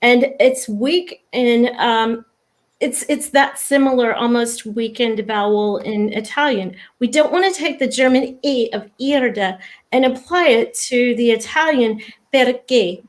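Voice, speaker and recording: A woman with a fairly high voice talks through diction in an interview. She is patient and instructive, slowing down to sound out sample words. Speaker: lyric diction expert, guest. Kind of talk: explanatory interview talk.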